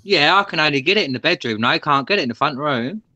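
A man's voice: a little high, animated, fast, noisy background. A man joining a casual livestream chat, agreeable and chatty. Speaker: livestream guest.

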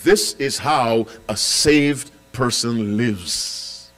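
A man preaching as pastor quizzes his congregation and repeats key lines, mixing loud, emphatic declarations with quiet asides. His mid-range voice moves extremely slowly.

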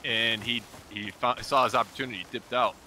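A man's voice: mid-range voice, steady tone, fairly quick, sharp tone, a little hiss or hum. A man hosting a co-op gameplay video, chatting casually and teasing his partner. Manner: teasing, joking banter. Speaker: gaming channel host.

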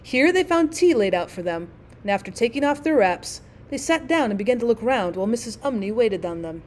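Higher-voiced woman narrating a classic story. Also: animated, a little fast. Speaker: teacher reading aloud.

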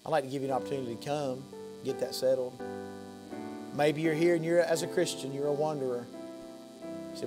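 A man, a pastor preaching an evening sermon in a church. His preaching swings between high, loud passages and soft, low ones, and he often repeats and restarts phrases. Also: steady tone, fairly quick, long pauses, over music, poor audio. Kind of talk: evening sermon with altar call. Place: church sanctuary.

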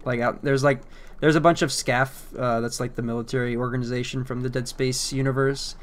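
A man's voice: medium pitch, level tone, a little fast. A man casually commentating a video game, joking, swearing and laughing often. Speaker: let's play commentator.

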